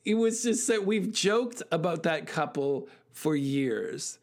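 A man with a slightly raised voice gives a motivational talk. He tells stories animatedly, rushing through phrases with frequent fillers and restarts. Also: a little high. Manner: animated storyteller, fast bursts, frequent fillers. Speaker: speaker.

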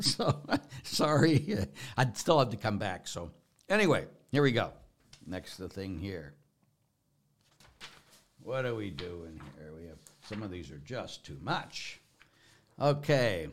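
A middle-aged priest preaches with a folksy, joking warmth. His fairly low voice swings widely in pitch, rising into loud, emphatic bursts and then dropping back down. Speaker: Catholic priest. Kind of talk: informal preaching talk.

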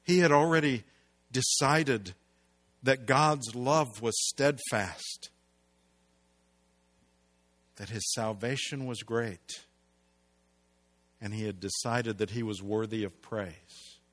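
A man preaching a sermon, moving between loud emphatic lines and hushed low ones and posing rhetorical questions to the congregation. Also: slow, long pauses. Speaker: pastor.

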